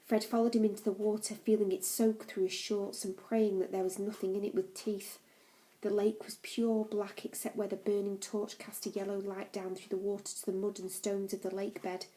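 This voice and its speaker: A woman reading a novel aloud in a calm, even storytelling manner. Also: mid-range voice, normal speed, rough recording. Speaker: audiobook reader.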